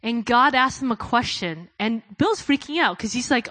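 A woman preaching a sermon, telling stories in a casual way, dropping soft and low for quoted prayers and rising loud when she urges her listeners. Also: expressive, moderate pace, few pauses, no room sound, low-quality recording. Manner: addresses listeners as "guys".

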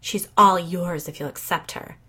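A woman's voice: lowish voice, normal speed, sharp tone, breathy edge. A woman putting on a creepy, cloying neighbor lady. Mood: creepy sweet. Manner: cloying, insistent, sing-song. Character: creepy overly sweet older woman neighbor. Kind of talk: audiobook reading.

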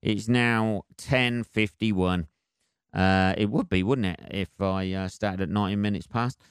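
A man's voice: on the low side, a little slow, smooth, no room sound, clean studio sound. Sweary sarcastic man ranting solo. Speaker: podcast host. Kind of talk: solo comedic rant.

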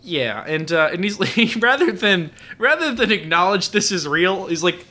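A man chatting on a podcast while drunk, recapping an anime in a rambling way full of fillers and restarts. His voice sits a little high and sounds bright and forceful. He keeps circling back with restarts. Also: lively intonation, moderate pace, few pauses. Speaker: podcast co-host. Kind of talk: casual chat recapping anime.

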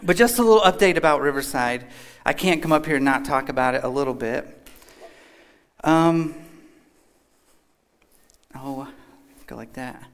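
A man's voice: medium pitch, a little slow, pauses often, fairly bright tone. A man from Kentucky giving a casual, joking talk as a guest speaker at a church. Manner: chatty, joking, folksy. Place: church hall.

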